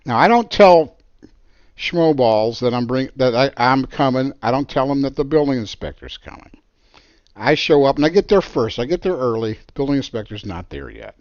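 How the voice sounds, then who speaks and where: A man, an architect, telling a story from his career in an animated, emphatic way. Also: medium pitch, normal speed, dry recording, muffled recording. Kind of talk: storytelling monologue.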